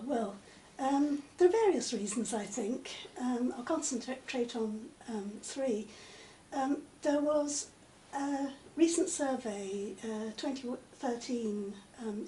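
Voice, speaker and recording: This is a conversational interview with a literature professor whose high voice has a warm quality. Measured and articulate, she often hesitates with "um," while the distant microphone captures room echo and faint noise.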